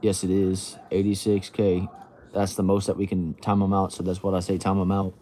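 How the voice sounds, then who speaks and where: Hosting a livestream indoors at home, this young adult man has a deep, mellow voice and a completely flat delivery at a moderate pace. He drawls in a laid-back way, saying "bro" and "y'all" as he casually reads comments, with a TV faintly audible from another room.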